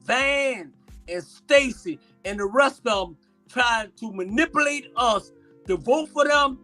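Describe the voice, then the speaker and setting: Male panelist, impassioned and preacherly, high bright voice. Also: animated, soft background music. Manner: fiery, preacherly, drawn-out emphasis. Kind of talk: impassioned political talk.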